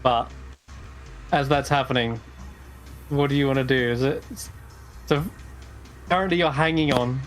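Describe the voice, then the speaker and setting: A man narrates a tabletop game as dungeon master, easygoing and a little rambling. His voice sits at a middling pitch. Soft music runs faintly behind him. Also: a little slow, pauses often. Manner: relaxed, rambling narration with fillers.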